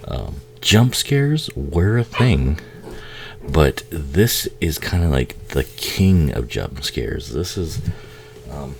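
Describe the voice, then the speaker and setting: A man giving a casual, profane movie commentary, laughing often and acting out the characters in quick asides. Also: extremely low pitch, big pitch swings, creaky, a little hiss or hum.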